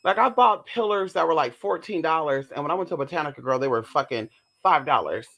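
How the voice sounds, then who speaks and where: A woman in a casual haul vlog, chatty and profane, who keeps calling her viewers girl and y'all and squeals high when she shows off what she bought, talking from home. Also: lively intonation, fairly quick, gravelly, a bit bright, low-quality recording. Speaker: vlogger.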